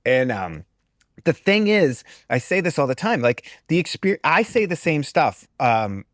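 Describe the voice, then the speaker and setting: Blunt, straight-talking breathwork teacher, dry sound. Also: male voice, a little high, big pitch swings, unhurried, no echo. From US East Coast. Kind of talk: casual conversation.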